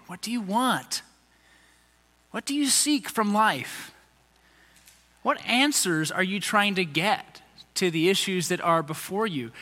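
A man delivers a sermon in a loose, conversational way, slipping into quick voices for the people he quotes. His voice is high and bright, and it rings with the long reverb of a big hall. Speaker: pastor.

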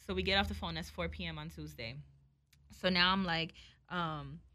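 A young woman telling a story in casual chat, animated and profane, acting out both sides of the dialogue. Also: fairly low pitch, normal speed.

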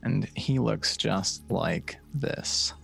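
Brief: game master, deep gravelly man, unhurried narration, faint music underneath. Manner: relaxed, filler-laden description.

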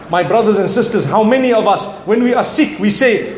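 A middle-aged man preaching a sermon in an animated way, acting out prayers and pleas. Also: sits high, fairly quick, few pauses, echoey room, slight background noise.

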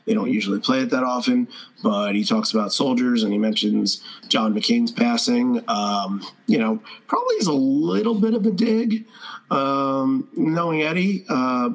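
A man's voice: mid-range voice, lively intonation, normal speed, creaky, low-quality recording. A man co-hosting a casual podcast, rambling with profanity and frequent restarts. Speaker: podcast co-host. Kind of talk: casual chat.

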